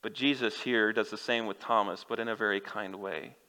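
A man's voice: fairly low pitch, steady tone, a little fast, sharp tone, clean tone. A male pastor preaching a sermon, speaking earnestly and directly to his listeners. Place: church sanctuary. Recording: long church hall reverb.

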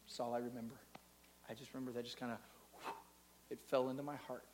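A man preaching a sermon to a live congregation, swinging between loud, drawn-out preaching and soft, close talk, and leading the room in call-and-response. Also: mid-range voice, level tone, a little hiss or hum. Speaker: pastor. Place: church in front of a live congregation.

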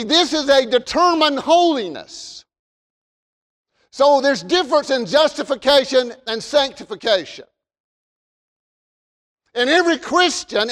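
A man preaching a sermon from the pulpit in an emphatic way, repeating phrases and rising to shouts. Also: very high voice. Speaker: pastor. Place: church sanctuary. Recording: long reverb of a large hall.

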